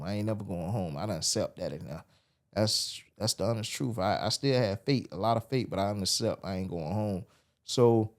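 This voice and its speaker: A man's voice: mid-range voice, a little mellow. A man, telling his story as a podcast guest and acting out the voices he quotes. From Miami, USA. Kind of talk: storytelling interview.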